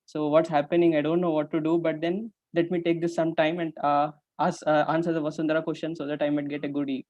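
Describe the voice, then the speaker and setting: A man's voice: fairly high pitch, little pitch movement, fast, hardly any pauses, darkish tone, dry recording. A man with an Indian accent musing aloud to a group, dropping in Hindi phrases. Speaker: participant. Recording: dull lo-fi call audio.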